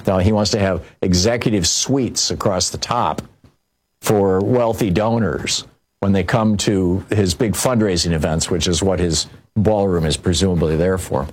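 Older guy telling a story while talking politics, kinda low voice, stumbles and restarts a lot. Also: moderate pace, husky. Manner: rambling with frequent restarts and fillers. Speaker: political commentator. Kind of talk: personal storytelling commentary.

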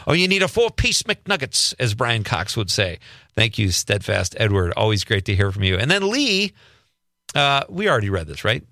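A man's voice: on the low side, very animated, moderate pace, sharp tone. A man hosting a casual radio talk show in a studio, reading listener texts aloud and laughing often.

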